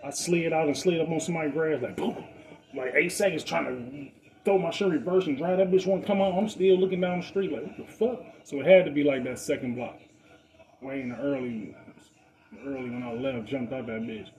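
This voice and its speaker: Man, mellow voice, fairly high for a man, casual profane storytelling. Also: brisk, rough recording. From Detroit. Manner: animated, acts out other people's voices in a higher pitch; profane street slang. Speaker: podcast storyteller.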